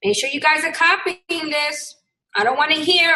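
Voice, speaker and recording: A woman teaching a trading lesson in a casual screen-share style, brash and blunt, swearing freely and swinging between loud bursts and muttering. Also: high-pitched, expressive, moderate pace, poor audio. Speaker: trading instructor.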